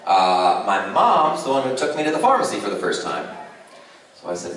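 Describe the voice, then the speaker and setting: A man does a stand-up set at a convention panel, swinging his pitch widely as he tells stories. He keeps stopping on fillers between lines. The recording is echoey and far from the mic, with steady noise behind him. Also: normal speed. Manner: loose storytelling with frequent fillers. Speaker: stand-up comedian. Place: convention panel room with audience.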